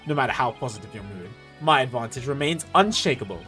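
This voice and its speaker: A man voicing a smug, menacing male prosecutor in a low, slow, mocking tone. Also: expressive, sharp tone, faint music behind.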